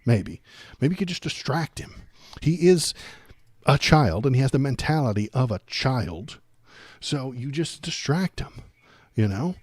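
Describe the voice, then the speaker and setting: A man's voice: mid-range voice, a little mellow, dry recording. A man hosting a political livestream, ranting sarcastically and rambling as he reacts to chat.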